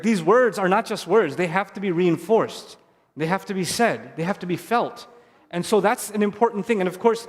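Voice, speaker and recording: High-voiced man lecturing in a reverberant hall. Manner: earnest, conversational, with repeated emphatic phrases. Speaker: Islamic speaker addressing families. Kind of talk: live lecture to an audience. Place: stage in a large hall. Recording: long hall reverb from a live event.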